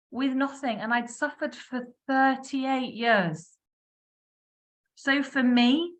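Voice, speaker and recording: A woman in her fifties telling her own health story in a casual, animated way, laughing often and acting out what she once said. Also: a little high. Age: 50s. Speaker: wellness speaker sharing her story. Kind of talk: casual testimonial talk.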